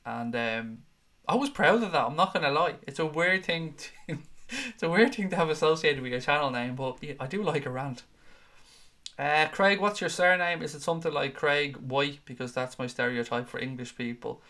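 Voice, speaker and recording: A man's voice: on the high side, moderate pace, sharp tone. Chatty, jokey man hosting live. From Ireland. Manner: chatty, jokey and profane, teasing his co-hosts. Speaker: host of a fan channel live show. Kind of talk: casual live-stream chat reading viewer comments.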